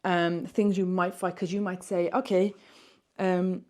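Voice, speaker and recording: A woman's voice: fairly low pitch, level tone, moderate pace, darkish tone. A young woman teaching a French exam-prep lesson online, explaining in English and reading French questions aloud.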